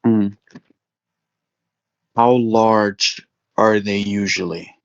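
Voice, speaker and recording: A man plays a blunt, practical agent with a low voice who drags out each question very slowly. The recording is dry and lo-fi. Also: fairly even intonation, creaky, clear, resonant tone, dry recording, heavily acted. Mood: curious. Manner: slow, deliberate questions. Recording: dull, lo-fi mic.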